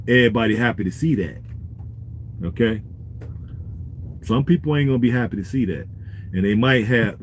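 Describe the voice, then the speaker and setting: Chill man talking straight to his viewers, kinda low voice, a little room noise behind. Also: a little mellow. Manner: laid-back, street-wise, advice-giving. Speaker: vlogger. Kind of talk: casual talk to camera.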